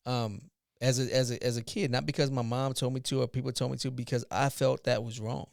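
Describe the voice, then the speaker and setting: Man, forties, podcast host, animated storyteller, mid pitch, dry room. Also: a little fast, creaky, dry recording. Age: 40s. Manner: animated retelling, acts out dialogue. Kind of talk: casual storytelling chat.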